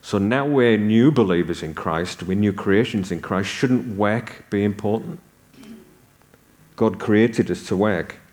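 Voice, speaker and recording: A man's voice: on the low side, measured pace, a little mellow. A man in his sixties from the north of England, preaching a sermon and telling stories with humor. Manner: conversational storytelling with humor.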